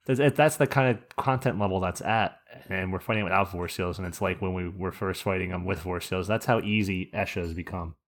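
A man's voice: low-pitched, fairly quick, few pauses. A man co-hosting a casual gaming podcast, rambling and swearing as he talks through game strategy. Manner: rambling, profane, joking. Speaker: podcast co-host.

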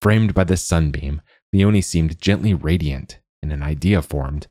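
A man with a very deep, low voice reads a storybook in a measured, wry manner. The recording is dry and close, with no room sound. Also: mellow, no echo. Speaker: narrator. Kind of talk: storybook narration.

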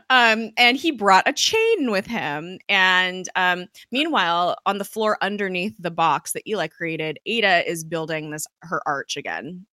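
A woman talks through a TV episode in a loose, chatty recap, full of fillers and quick laughs. Her voice is a little low for a woman, with a bright, forceful edge. The sound is dry and close, with little room around it. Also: expressive, dry recording. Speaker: podcast host recapping a TV episode.

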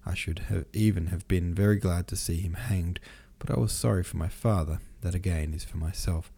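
Bitter brooding nobleman read by a guy, deep dark voice, cutting and gloomy. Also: fairly quick, gravelly, husky, exaggerated voice.

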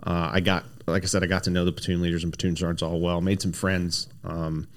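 A man with a very deep, low-set voice spins long stories from his army years in a casual podcast chat. He is animated, piling on fillers, restarts and little asides as he goes. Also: fast talker. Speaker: podcast guest, former special operations soldier. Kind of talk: casual interview storytelling.

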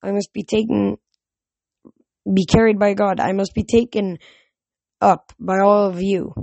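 A weary ancient god of the wild speaks in slow, solemn, forlorn phrases, as a woman reads him. The voice stays gentle and unhurried, recorded close and dry. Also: mid-range voice, steady tone, creaky, no room sound.

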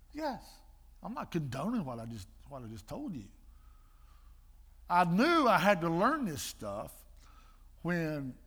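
An older man giving sermon-style teaching with personal stories, emphatic and animated, with a husky voice. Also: a little high. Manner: animated storyteller, emphatic, mimics slapping sounds. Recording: long reverb in a large hall.

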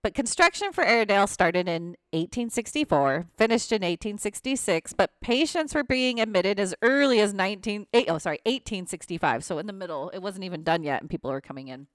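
A woman co-hosting a podcast, telling ghost stories in a casual, animated way and laughing often. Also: mid-range voice, fairly quick, hardly any pauses, dry recording. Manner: animated, laughs often, reads facts with asides. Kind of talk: casual storytelling chat.

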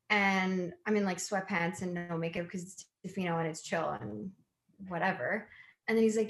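A young woman casually telling a long story to friends, animated and laughing often. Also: lowish voice, moderate pace, reverberant. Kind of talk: casual chat.

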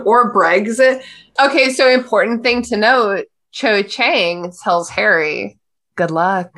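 A woman's voice: fairly high pitch, slow, bright, forceful tone. A woman co-hosting a podcast in casual chat, rambling with fillers and laughing at herself. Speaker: podcast co-host.

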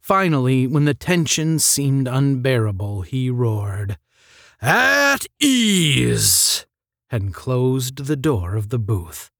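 A man reading a novel aloud in a measured, expressive narration. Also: mid-range voice, dry recording, studio quality. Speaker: reader. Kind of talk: audiobook narration.

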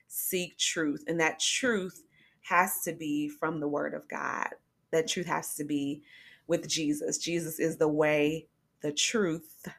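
A young woman with a low, gravelly voice hosts a faith-based podcast. She speaks earnestly and casually, with plenty of ums and restarts. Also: a bit bright. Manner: earnest, conversational, frequent fillers. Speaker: podcast host.

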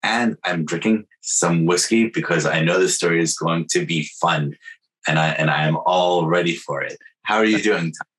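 Male podcast host, very low voice, relaxed and joking. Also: moderate pace, rough recording. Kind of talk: casual interview.

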